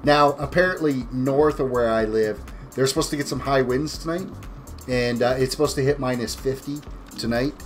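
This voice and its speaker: Chatty streamer, music behind. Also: male voice, medium pitch, normal speed. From Canada. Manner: rambling, chatty, reads chat aloud. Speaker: live streamer. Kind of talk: casual chat while gaming. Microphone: desk mic beside him. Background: music and keyboard typing.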